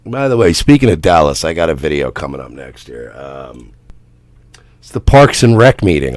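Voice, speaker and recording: A man's voice: low-pitched, moderate pace, no room sound. A man hosting a radio show, reacting to video clips with laughter and lots of swearing. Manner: laughing, profane, animated. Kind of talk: casual reaction commentary.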